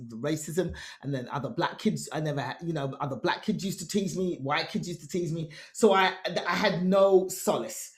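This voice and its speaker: A woman's voice: low-pitched, normal speed, hardly any pauses. Woman, London accent, emphatic storyteller, interview guest, echoey room. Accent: London English. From England. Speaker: guest comedian.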